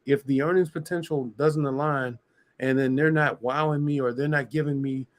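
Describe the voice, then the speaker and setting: A man's voice: medium pitch, steady tone, normal speed. Man, panel debate, casual, argumentative, restarts a lot. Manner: argumentative, explains at length with many restarts.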